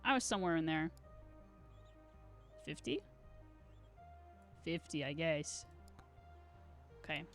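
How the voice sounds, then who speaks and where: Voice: medium pitch, lively intonation, slow pace, long pauses, fairly bright tone, soft background music. A live streamer in casual gaming stream chat, rambling and self-deprecating with giggly asides.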